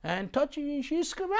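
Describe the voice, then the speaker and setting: A middle-aged man, a pastor preaching a sermon in halting, broken English. He drops to low murmurs and then bursts out loudly. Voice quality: gravelly. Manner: swings from low murmurs to loud exclamations.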